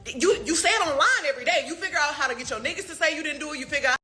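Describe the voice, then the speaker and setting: A woman's voice: sits high, very fast, pushed and bright, soft background music. A woman on a heated social media rant, firing off profane rhetorical questions with laughing asides.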